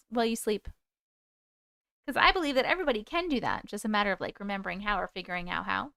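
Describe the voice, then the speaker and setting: A woman's voice: mid-range voice, fast talker, gravelly, sharp tone, dry recording, clean studio sound. A woman hosting a live stream, chatting casually and reading viewer comments aloud in a rambling, giggly way. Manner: chatty, rambling, giggly, jumps between topics. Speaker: livestream host.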